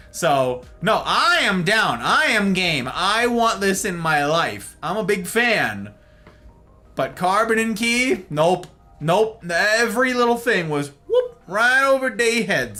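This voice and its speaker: A middle-aged man hosting a live stream, chatting casually and playfully with his viewers and often trailing off into quiet asides. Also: on the high side.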